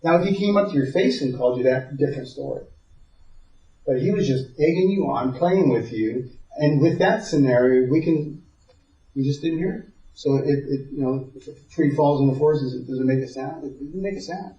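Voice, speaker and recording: A man leads a live parenting seminar in a conversational teaching style, telling stories, repeating himself as he thinks, and checking in with the audience. His voice is medium-pitched and warm, and he talks a little fast. It's recorded from a distance, sounding dull and roomy.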